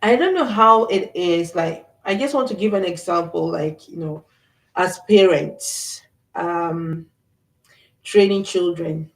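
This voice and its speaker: A woman's voice: on the low side, takes it slowly, distant mic. A middle-aged woman hosting a faith-based talk, speaking earnestly and reflectively, with frequent fillers and restarts. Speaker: host. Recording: echoey room, voice off-mic.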